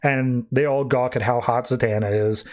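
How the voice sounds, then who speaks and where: A man's voice: mid-range voice, fairly even intonation, normal speed. A man hosting a podcast, casually recapping a comic book in a loose, rambling way. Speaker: podcast host.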